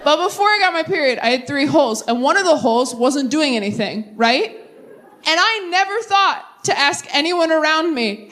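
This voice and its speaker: Young woman, stand-up comic, lively swooping delivery, slightly high voice, stage mic, faint room noise. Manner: animated, tangent-prone, quick asides to the crowd. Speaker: stand-up comedian. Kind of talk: stand-up comedy with crowd work. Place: comedy venue on stage.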